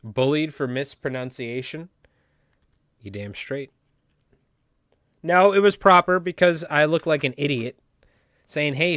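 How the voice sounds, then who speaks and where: A man from New York with a New York accent, hosting a casual livestream and rambling through jokes without a pause. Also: mid-range voice, a bit bright, no room sound, studio quality. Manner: rambling, joking, talks nonstop. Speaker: livestream host.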